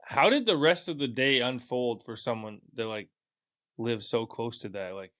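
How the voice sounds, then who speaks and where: A man from Canada hosting an interview, asking questions quietly with lots of "like". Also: mid-range voice, normal speed. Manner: soft-spoken, filler-heavy questions. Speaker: interview host. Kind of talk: casual interview.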